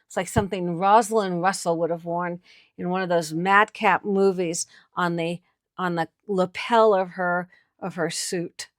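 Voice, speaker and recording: Woman vlog host, slow and low-pitched, chatty and excited, dry close sound. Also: no room sound. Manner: chatty and enthusiastic, showing items to viewers. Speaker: antiques picker and channel host. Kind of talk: casual on-camera commentary. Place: indoors at an estate sale.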